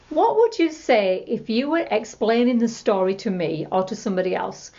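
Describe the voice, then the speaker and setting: A woman teaching a tapping technique, calmly repeating example phrases as she explains. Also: fairly high pitch, fairly quick, few pauses, muffled recording. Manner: calm, repetitive, demonstrates scripts aloud. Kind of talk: instructional talk to camera.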